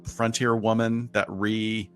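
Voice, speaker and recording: A man co-hosting a podcast livestream in casual chat, talking with quick asides and frequent laughs. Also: lowish voice, level tone, smooth, soft background music. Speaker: podcast co-host.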